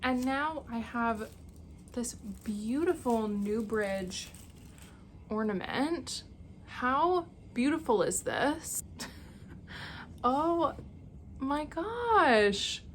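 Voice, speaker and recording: A woman's voice: fairly high pitch, animated, very slow, a little hiss or hum. A young woman vlogging casually at home, gushing with effusive exclamations. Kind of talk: casual vlog chat. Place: home apartment, indoors.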